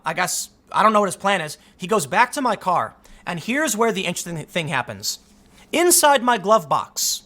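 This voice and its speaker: A man hosting his own video, casually telling a personal story in an animated way. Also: high-pitched. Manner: animated retelling, acts out the dialogue. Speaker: vlog host.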